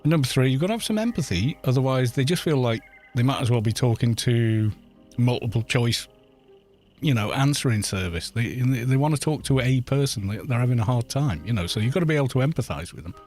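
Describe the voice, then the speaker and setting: A man's voice: mid-range voice, expressive, brisk, a little mellow, faint music behind. A middle-aged man with a London accent, chatting in a rambling way with viewers while he streams a game. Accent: London English. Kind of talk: casual chat while gaming.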